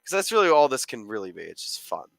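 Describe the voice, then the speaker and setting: A man's voice: medium pitch, very animated, quick pace, creaky, fairly bright tone, no echo. A young man co-hosting a podcast, chatting casually about films and rambling with many fillers. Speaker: podcast co-host, amateur film critic. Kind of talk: casual chat.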